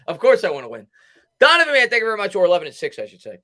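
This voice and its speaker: A man hosting a live sports talk stream, upbeat and quick, reading out viewer names and thanking them. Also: sits high. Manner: fast, energetic, shouts out chat names. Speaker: livestream host.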